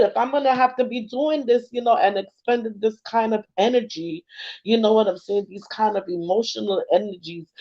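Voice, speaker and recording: A woman's voice: mid-range voice, dark tone, highs cut off. Emotional, earnest woman card reader. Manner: emotional and earnest, keeps asking if you follow. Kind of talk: casual livestream talk.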